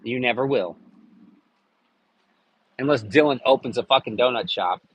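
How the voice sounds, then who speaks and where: A man's voice: medium pitch, normal speed, a bit bright, slightly rough, dry recording, highs cut off. A man chatting casually on a live stream, rambling and joking with lots of cursing. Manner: crude, rambling, jokey with frequent cursing.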